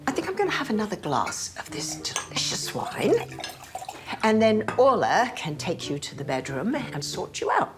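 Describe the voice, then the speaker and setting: A woman's voice: medium pitch, wildly swooping pitch, normal speed. An actress playing a fussy woman who lectures others and likes her wine, in a scene with music underneath. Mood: chiding. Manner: chiding, lecturing.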